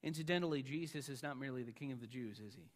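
A man pastor preaching a sermon, emphatic, rising loud on the lines he quotes. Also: mid-range voice, rapid-fire, long reverb tail.

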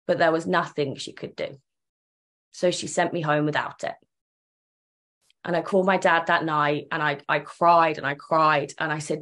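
A woman's voice: low voice, fairly even intonation, normal speed, a bit bright. A young woman tells her own story earnestly and emotionally, acting out the remembered dialogue. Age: young adult. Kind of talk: personal storytelling.

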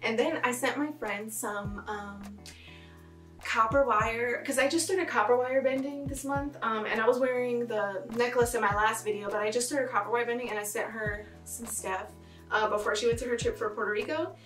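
A woman's voice: fairly high pitch, steady tone, moderate pace, fairly bright tone, echoey room, distant mic, faint music behind. A woman vlogging casually about her monthly budget, talking in a bubbly way with plenty of "like" fillers.

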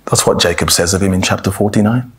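Addressing his listeners as brothers and sisters, this man preaches a Bible talk and reads passages of scripture, often starting his words over. He talks fast in a low, breathy voice.

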